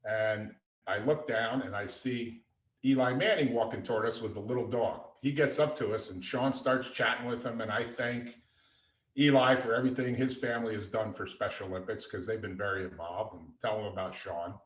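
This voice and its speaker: Low-voiced man telling stories in an echoey room. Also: moderate pace. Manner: lively anecdotal storyteller. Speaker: guest, father and entrepreneur. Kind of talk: conversational storytelling. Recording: echoey room, distant mic.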